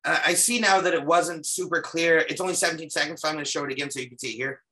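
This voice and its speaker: An earnest man walks listeners through his paranormal case footage on a podcast. His voice sits a touch high and sounds bright, and it carries a faint wear, as if he has been talking all week. He often stops and restarts mid-sentence. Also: racing. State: slightly losing his voice. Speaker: paranormal investigator guest. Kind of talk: casual podcast presentation.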